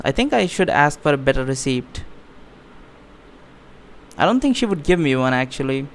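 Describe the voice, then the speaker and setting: A man hosting a let's play of a text game, reading it aloud and thinking out loud in a casual, profane way. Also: mid-range voice, sing-song, normal speed, pauses often, slight background noise. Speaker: gaming channel host.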